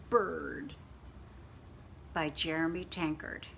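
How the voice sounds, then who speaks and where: A woman reading a picture book aloud to children in an animated, expressive way, sometimes dropping to a whisper. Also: medium pitch, slow pace, a little hiss or hum. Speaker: children's storyteller.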